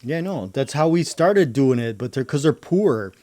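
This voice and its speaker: A man's voice: mid-range voice, lively intonation, normal speed, mellow. A man hosting a livestream, chatting casually in a rambling way, full of swearing and slang. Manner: rambling conspiracy talk. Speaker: livestream host.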